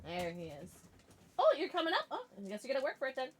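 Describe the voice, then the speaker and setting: A woman live streamer chatting casually with her viewers, chatty and quick to swear. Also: high voice, slightly rough. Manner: chatty, lively, swears freely.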